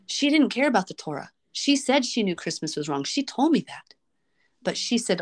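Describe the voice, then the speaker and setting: A woman hosting a Bible study, reading scripture aloud and discussing it earnestly, slowing down to stress key words. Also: on the high side, sing-song.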